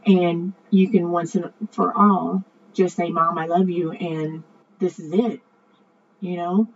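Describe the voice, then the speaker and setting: Earnest female vlogger, lower voice, rambling monologue; muffled lo-fi recording. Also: takes it slowly. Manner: earnest, rambling, repeats words, grows excited. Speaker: vlogger sharing a personal story. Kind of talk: emotional personal monologue. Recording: dull lo-fi audio with faint ambient noise.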